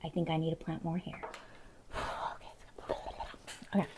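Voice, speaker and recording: A middle-aged woman chatting casually to camera in her home kitchen, talking to herself and dropping into soft whispered asides. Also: low-pitched, completely flat delivery, measured pace. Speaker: vlogger.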